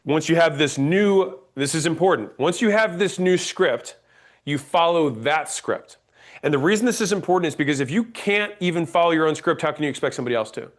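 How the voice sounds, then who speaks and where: Energetic man teaching sales scripts. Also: fairly high pitch, brisk. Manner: energetic, acts out sample calls, frequent "right?" check-ins. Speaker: sales trainer.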